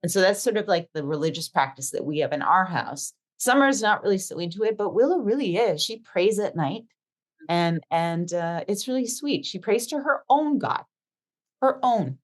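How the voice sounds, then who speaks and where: A woman's voice: medium pitch, expressive, normal speed. A middle-aged woman co-hosting a podcast, telling a long story in casual chat and acting out the dialogue with animation. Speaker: podcast co-host.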